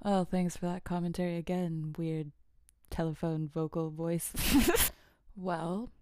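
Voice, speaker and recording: A woman's voice: fairly low pitch, little pitch movement, measured pace, mellow, smooth, no room sound, studio quality. A woman hosting a casual solo podcast, rambling and giggly, often dropping to a whisper, alone in a small room at a podcast mic. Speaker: podcast host. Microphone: podcast microphone.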